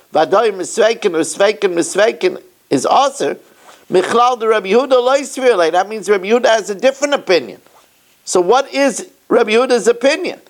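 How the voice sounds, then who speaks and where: A rabbi leads a daily Talmud class in a gravelly voice that sits a little high for a man. He reads the Aramaic text aloud, then explains it in English like an animated teacher. He sounds slightly winded, and a rough fry runs through his delivery. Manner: animated teacher with playful asides.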